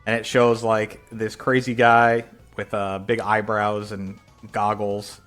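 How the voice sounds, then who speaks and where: A man with a lowish, fairly bright voice speaks slowly in a level tone, with faint music behind him. He casually retells a fan comic chapter by chapter, rambling along with fillers and correcting himself.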